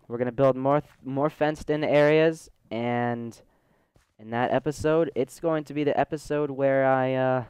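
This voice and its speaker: A man's voice: medium pitch, a little mellow, smooth, dry recording. A man doing let's play commentary as a gaming host, rambling and chatty, thinking aloud as he plays. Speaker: gaming YouTuber.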